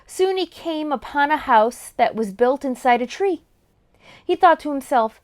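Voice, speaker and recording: A woman hosting story time, reading a children's book aloud in an expressive storytelling manner. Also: sits high, measured pace.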